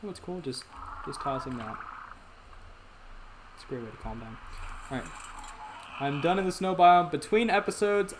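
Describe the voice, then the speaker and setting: A man's voice: medium pitch, noisy background. A young man hosting a gaming channel, giving rambling casual commentary to viewers as he plays. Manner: rambling, talks to viewers, frequent restarts.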